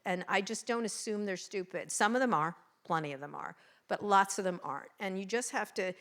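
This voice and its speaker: A woman's voice: on the low side, a bit bright. Wry, blunt woman telling stories onstage. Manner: wry, blunt, quick storytelling. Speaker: journalist guest speaker. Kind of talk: anecdotal stage talk. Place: stage at a live event.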